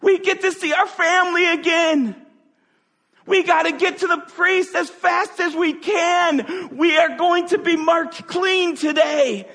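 Preacher doing high shouty lepers in a hurry, big hall echo. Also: male voice, steady tone, slow pace, few pauses, heavily acted. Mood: excited. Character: excited healed leper men, impatient and shouting.

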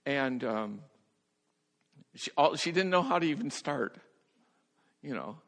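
Pastor preaching in an echoing hall. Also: male voice, mid-range voice, takes it slowly, vocal fry. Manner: animated storyteller, laughs often, repeats words when starting sentences. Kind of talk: sermon storytelling. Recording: long hall reverb.

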